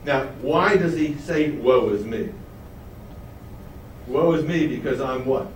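A man's voice: mid-range voice, slow, slight background noise. A man teaching a Bible study lesson, asking his listeners questions and answering them himself. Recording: roomy, mic at a distance.

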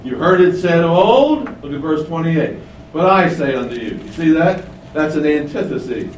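High-voiced emphatic preacher in an echoey hall. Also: male voice, expressive, normal speed. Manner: emphatic, asks the congregation questions and repeats lines. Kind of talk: sermon. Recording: echoey room, mic at a distance, faint rumble.

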